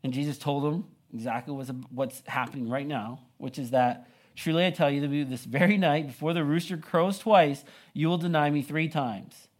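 A man's voice: fairly high pitch, normal speed. A young man preaching a sermon, retelling the story in a casual, conversational way full of "like" and "you know". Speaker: pastor.

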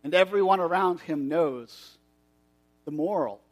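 A male pastor giving a sermon, retelling a parable in a casual, conversational way with quick asides. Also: a little high. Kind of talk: sermon with storytelling.

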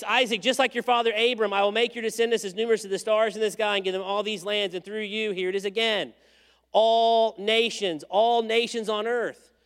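A man preaching a sermon, telling stories with animated swings between loud bursts and hushed asides. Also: high voice. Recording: long hall reverb.

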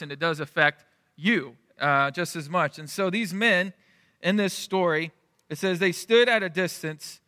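A middle-aged man preaching in a church, his voice high and strikingly bright. He talks to the congregation conversationally and keeps checking in with them. His words ring out with a long reverb tail from the hall. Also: clean studio sound. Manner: conversational, asks the room "right?". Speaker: pastor. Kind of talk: sermon.

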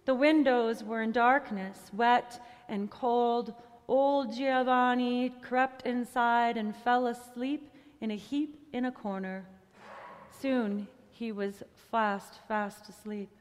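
A woman telling a storybook tale in an expressive, soft-edged manner, closing with a prayer. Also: a little high, takes it slowly, smooth, in a large hall. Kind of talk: storybook reading ending in prayer.

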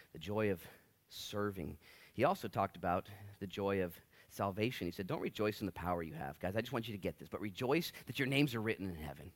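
A man in his late thirties preaching a sermon, telling stories and acting out quotes with big swings between loud and quiet. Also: low-pitched. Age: 30s. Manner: animated storytelling, big swings in loudness, acts out quotes. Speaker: pastor.

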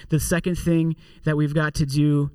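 A man's voice: on the high side, little pitch movement, moderate pace, mellow, smooth, dry recording, recorded from a distance. A man preaching a sermon as a pastor, in a conversational way with joking asides.

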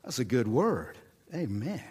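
A middle-aged pastor from Oklahoma with an Oklahoma accent, preaching a folksy, animated sermon full of humor and repetition. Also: male voice, mid-range voice, measured pace, husky.

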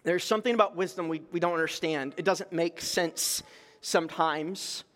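Brief: middle-aged man, pastor, high voice, chatty storytelling sermon, big echoing hall. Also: normal speed. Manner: conversational, animated storytelling with self-deprecating humor. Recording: long reverb in a large hall.

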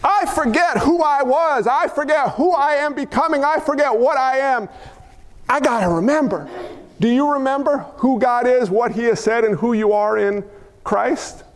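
A man preaching a lively sermon in a church sanctuary, his voice unusually high. He jokes and acts out little scenes as he goes. The sound carries a long hall reverb. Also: normal speed. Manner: animated, jokey preaching with acted-out quotes. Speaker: pastor.

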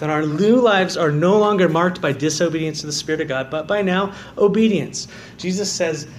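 Pastor, man, high-pitched, preaching with sudden soft drops and loud rises, echoey sanctuary with faint hiss. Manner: swings from quiet, low emphasis to loud, fervent calls of "amen". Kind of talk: sermon. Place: church sanctuary.

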